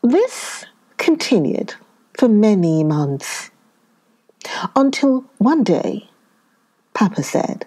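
A woman reading a children's story aloud with gentle, deliberate storytelling. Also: medium pitch, big pitch swings.

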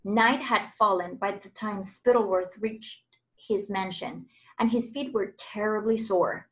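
A woman reading a children's novel aloud, expressive in her storytelling. She is a preschool teacher acting as a guest reader. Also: mid-range voice, unhurried, poor audio.

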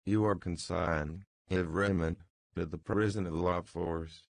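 A man narrating a novel, voicing a hard, stolid male revolutionary officer with curt, flat questions. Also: low voice, measured pace, creaky, no echo.

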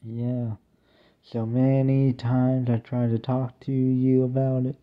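A young man performing a homemade song, half sung and half spoken, in a plaintive, drawn-out way. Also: medium pitch, smooth. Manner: plaintive, slow, mostly flat talk-singing with drawn-out "ooh" cries. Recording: tinny phone-like recording.

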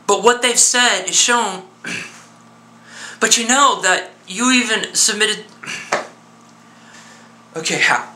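A man's voice: high-pitched, takes it slowly, pauses often, sharp tone, heavily acted. A man playing an earnest, worried friend on the phone. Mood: pleading. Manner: earnest, coaxing, insistent. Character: worried male friend pleading with a despairing man. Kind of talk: one-sided phone call drama.

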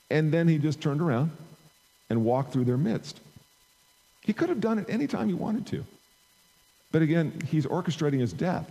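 A man's voice: on the high side, a little mellow, in a large hall, poor audio. A man preaching a conversational sermon into an amplified microphone, reading scripture aloud and rising in emphasis. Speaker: pastor. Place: church sanctuary.

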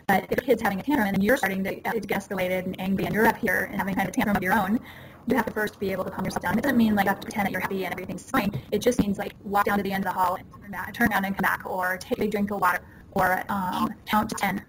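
A woman in her forties speaks as a guest in an interview, rattling through her advice at a very fast clip. She keeps it casual and earnest and acts out short quotes along the way. A steady background noise runs under her voice. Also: mid-range voice. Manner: rapid, earnest, explaining with acted-out quotes. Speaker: parenting consultant, guest.

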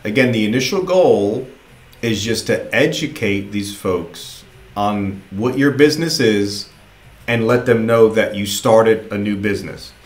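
A man's voice: fairly low pitch, a little slow, reverberant. A man giving a casual, encouraging motivational training talk to new recruiters, often repeating himself for emphasis.

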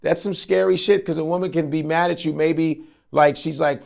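A male comedian guest in a casual interview, telling animated stories and acting out voices. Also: fairly high pitch, moderate pace, gravelly, hardly any pauses. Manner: animated storytelling with acted-out voices.

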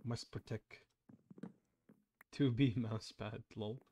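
A man's voice: mid-range voice, big pitch swings, unhurried, darkish tone. Playful young man streaming a game. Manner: playful, teasing, jokey. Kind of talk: casual gaming stream chat.

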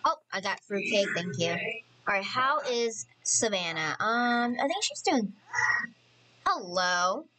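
A woman hosting a casual let's-play commentary, chatty and excitable, often apologizing and thinking aloud as she plays. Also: mid-range voice, slow, crowd noise, poor audio. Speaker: gaming channel host.

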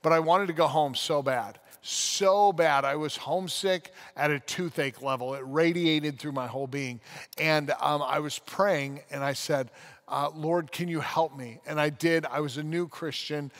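A man's voice: on the high side, measured pace, a bit bright. A man in his forties, a pastor, telling a personal story in a casual podcast conversation, acting out the scenes as he goes. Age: 40s.

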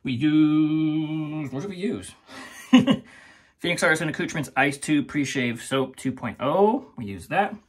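A man with a husky, slightly breathy voice talks through his shave in a loose, chatty way. He rambles, laughs often, and sounds like he is reviewing products for his own channel. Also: on the high side, expressive, a little slow. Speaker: shaving channel host. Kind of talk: casual product review vlog.

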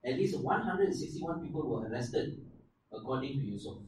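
A man's voice: mid-range voice, animated, a little fast, a little mellow. A man with a Malaysian English accent co-hosting a live comedy podcast, narrating a story and breaking into jokes. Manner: narrates events, then breaks into joking bits with laughs. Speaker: podcast co-host. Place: live show venue. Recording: very echoey live room, mic distant, faint noise.

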